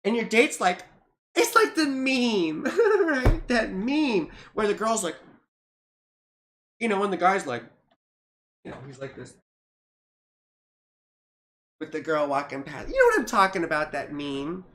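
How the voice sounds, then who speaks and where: A woman astrologer chatting casually on a livestream, rambling with many fillers and grumbling at her software. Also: medium pitch, big pitch swings, measured pace, long pauses. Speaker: astrologer reading charts on a livestream.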